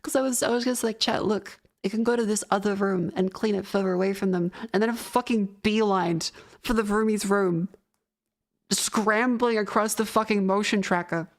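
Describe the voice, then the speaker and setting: A woman's voice: mid-range voice, steady tone, moderate pace. A young woman streamer chatting casually, telling a rambling story full of laughs and swearing. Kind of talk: casual chat.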